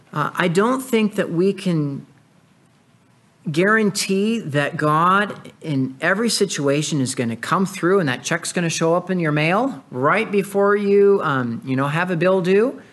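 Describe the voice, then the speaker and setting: Male pastor, a touch high-pitched, earnest expository sermon reading. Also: a bit bright. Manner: earnest expository preaching, reading scripture aloud.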